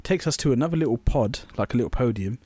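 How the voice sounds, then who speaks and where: Man telling an animated story. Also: medium pitch, fast talker, slightly rough, no echo. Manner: animated storytelling with swearing and laughter. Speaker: podcast co-host. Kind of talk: casual chat.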